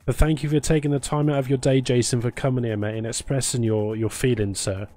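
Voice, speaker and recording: A man streams a game and talks easily to his chat, teasing viewers and thanking them by name between moves. His voice sits at an ordinary middle pitch. Soft game music plays faintly behind him. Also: fairly even intonation, a little fast, dry recording. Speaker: live streamer. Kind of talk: casual live-stream chat while gaming.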